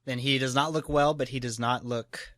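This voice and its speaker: Bright-voiced man running a tabletop game. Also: medium pitch, fairly even intonation. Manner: laughs often, quick narration. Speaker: game master.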